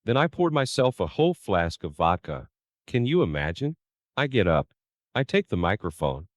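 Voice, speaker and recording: Male narrator, low pitch, animated delivery, first-person story read plainly, dry close recording. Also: normal speed, no room sound.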